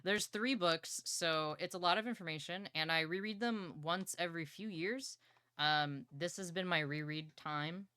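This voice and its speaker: A young woman livestreaming from her partner's home setup, chatting excitedly and playfully about books and swearing casually. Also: lowish voice, measured pace, clear, resonant tone, dry recording.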